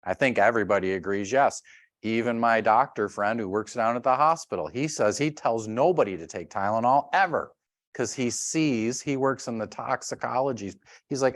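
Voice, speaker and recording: A middle-aged man leads a health workshop with lively, animated stories. He acts out sounds and little voices as he goes. His voice sits at a middle pitch and is recorded close and dry. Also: normal speed, no room sound. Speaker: chiropractor giving a workshop.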